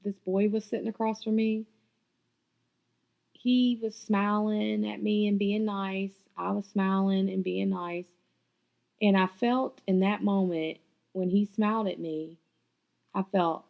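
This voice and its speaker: A woman's voice: mid-range voice, fairly even intonation, unhurried, gravelly, pauses often, narrow, tinny audio. A young woman, hosting a podcast and telling a personal story in a blunt, profane, candid way. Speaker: podcast host.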